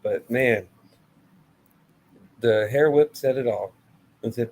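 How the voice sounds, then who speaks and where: A man's voice: medium pitch, slow pace, pauses often, a little mellow, slight background noise, poor audio. Blunt, profane male reviewer. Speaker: wrestling show reviewer. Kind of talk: casual ranting review.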